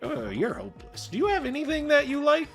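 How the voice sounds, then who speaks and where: Woman voicing an old male angel, teasing, cheery, lively pitch, faint music. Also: a little fast, heavily acted. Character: playful old male angel who gambles.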